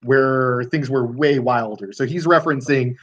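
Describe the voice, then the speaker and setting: A man's voice: medium pitch, measured pace, highs cut off. A man running a tabletop role-playing game, explaining rules with hesitant fillers. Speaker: game master.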